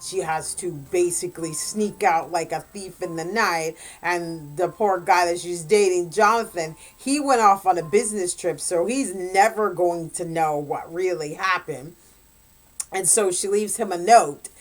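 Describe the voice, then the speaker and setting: A woman with a fairly low voice, speaking a little slowly, is a guest reviewer giving a casual spoken recap of a book. She retells the plot in a rambling way, packed with "like" and "blah, blah."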